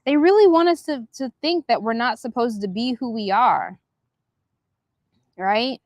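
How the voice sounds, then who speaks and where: A woman hosting a casual spiritual livestream outdoors, musing softly and guiding slow breathing. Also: a little high, no room sound. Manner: meandering, soft and reflective, guides slow breathing. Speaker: livestream host. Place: outdoors near a park.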